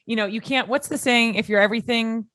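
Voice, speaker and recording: A woman's voice: on the high side, fast talker, a bit bright, no echo, studio quality. A woman hosting a business podcast, asking questions in a friendly, encouraging way with frequent affirmations. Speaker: podcast host. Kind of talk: casual business interview.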